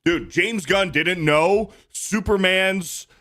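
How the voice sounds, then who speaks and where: High-voiced guy going off on a profane angry rant, sharp bright tone. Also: slow. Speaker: podcast guest. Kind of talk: heated rant in casual chat.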